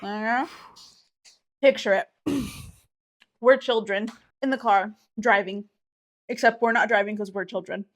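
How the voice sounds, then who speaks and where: A woman's voice: medium pitch, fairly even intonation, a little slow, long pauses. A young woman co-hosting a podcast, teasing and playful in casual chat. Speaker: podcast co-host.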